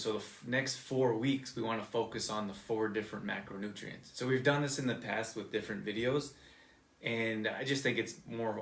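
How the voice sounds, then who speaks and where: Low-voiced man chatting on a live stream. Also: a bit bright, echoey room. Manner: loose, rambling explanations with restarts. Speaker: co-host of a live nutrition show. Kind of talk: casual live-stream chat.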